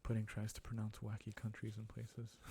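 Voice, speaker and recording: A man with a fairly low voice hosts an ASMR live stream Q&A. He talks gently and reads viewer questions aloud, sometimes slipping into a whisper. Clear clicking sounds run behind him. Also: completely flat delivery, fairly quick, slight background noise. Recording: clicking noises in background.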